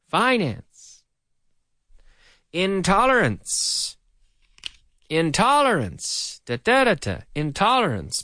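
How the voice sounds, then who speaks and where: A man's voice: high voice, dry recording, clean studio sound. A middle-aged man teaching an English lesson, playfully drilling words by repeating them with a rhythmic da-da-da. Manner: playful, animated delivery.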